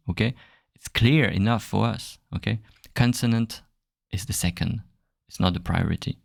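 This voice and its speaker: A man with a French accent hosting a podcast French lesson, relaxed and searching for words, with many fillers as he explains. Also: lowish voice, normal speed, creaky, no room sound, studio quality. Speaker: French teacher, podcast host.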